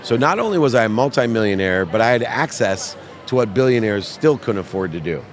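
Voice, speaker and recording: A man telling a personal story as a podcast guest, animated and heartfelt, now and then acting out the voices of the people in his story. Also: lowish voice, a little fast. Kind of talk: emotional storytelling.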